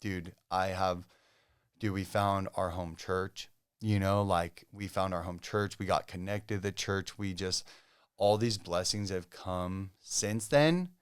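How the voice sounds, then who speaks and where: A man from Southern California with a very low, smooth and resonant voice, recorded dry and close. He tells his story as a podcast guest in relaxed, casual talk, peppered with "dude", "bro" and "like". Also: takes it slowly, dry recording. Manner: laid-back, full of "dude", "bro" and "like". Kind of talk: casual testimony chat.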